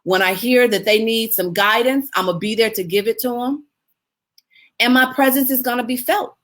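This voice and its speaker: A woman hosting a live video stream, giving animated, expressive coaching advice, laughing often and answering viewers' comments as they come in. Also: a little high, moderate pace.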